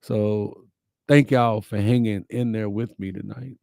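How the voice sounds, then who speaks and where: A man's voice: lowish voice, steady tone, measured pace, creaky, warm tone, no room sound, studio quality. A middle-aged man, hosting a livestream, reading viewer comments and answering them in a folksy, heartfelt, preacherly way. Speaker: host of a live-streamed message show.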